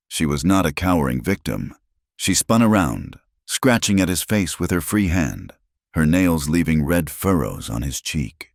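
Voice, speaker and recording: Very deep-voiced male storyteller. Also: creaky, a little mellow, no echo, clean studio sound. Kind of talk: scripted story narration.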